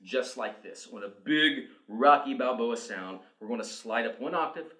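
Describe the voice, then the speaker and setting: Male vocal coach, mid-pitched, upbeat instructor, echoey room. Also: moderate pace. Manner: energetic, coaching. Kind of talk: instructional video demonstration. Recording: roomy echo.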